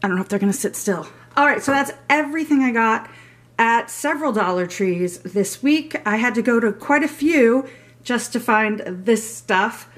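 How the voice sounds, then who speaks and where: A woman's voice: a little high, lively intonation, moderate pace, fairly bright tone, a little hiss or hum. Middle-aged lady vlogging her haul, chatty, gushes over everything, rambles a bit. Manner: chatty and gushing, rambling asides. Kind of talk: casual show-and-tell vlog.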